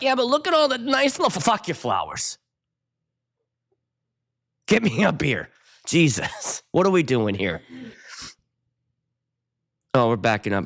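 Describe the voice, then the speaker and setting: A man's voice: medium pitch, fairly bright tone. A middle-aged man, a wedding DJ hosting his own show, ranting casually and profanely while chatting with viewers. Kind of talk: casual ranting livestream chat.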